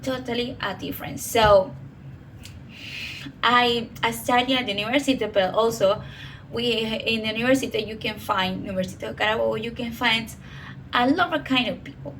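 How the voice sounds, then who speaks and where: A woman in her twenties with a Venezuelan Spanish accent, a native Spanish speaker who talks about herself in halting English and often says "okay". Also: on the high side, fairly bright tone, slight background noise, rough recording. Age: 20s. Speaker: professor. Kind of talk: personal monologue.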